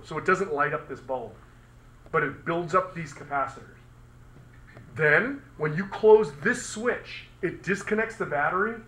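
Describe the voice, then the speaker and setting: A male physics teacher lectures a class in a loose, chatty way, tossing questions to the students and throwing in sound effects. His voice is bright and a little high, and the classroom has a lot of echo. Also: slight background noise. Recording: echoey classroom recording.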